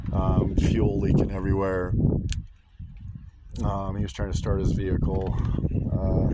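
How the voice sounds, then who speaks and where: A man recording a vlog outdoors and retelling a story in a rambling, earnest way with many restarts. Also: on the low side. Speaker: vlogger. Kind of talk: casual storytelling to camera. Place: outdoors under an open sky. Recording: loud background noise outdoors.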